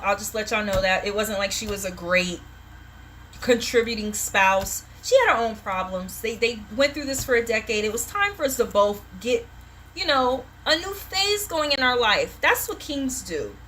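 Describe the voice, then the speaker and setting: A woman's voice: fairly high pitch, lively intonation, normal speed, pushed and bright, slight background noise. A woman giving a live-streamed tarot reading, passionate, blunt and full of profanity. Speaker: tarot reader.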